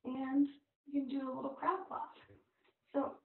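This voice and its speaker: Female toddler-yoga teacher, gentle sing-song cueing, unhurried delivery, tinny and far from the mic. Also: sits high, little pitch movement, vocal fry. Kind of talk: guiding a parent-child yoga class. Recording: distant, roomy, phone-like sound.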